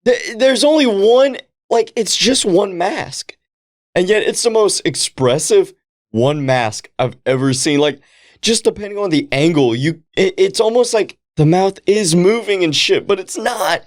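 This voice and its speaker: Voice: mid-range voice, expressive, unhurried. A podcast co-host in profane, jokey casual chat, acting out reactions.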